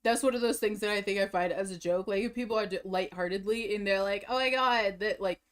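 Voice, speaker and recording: A young woman streamer in casual reaction chat, giggly and excitable, often breaking into laughter. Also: mid-range voice, quick pace.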